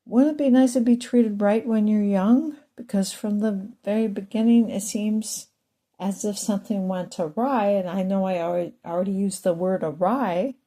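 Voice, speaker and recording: A woman talking in a rambling, digressive monologue with dry asides, clearing a frog from her throat now and then. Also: medium pitch, fairly even intonation, normal speed, dark tone. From part Irish, part English ancestry. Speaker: spiritual talk host.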